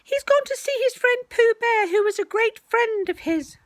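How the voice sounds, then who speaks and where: A woman's voice: very high voice, animated, normal speed, dry recording, voice pushed up. A woman voicing a fussy, polite rabbit in a storybook reading, prim and flustered. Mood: evasive.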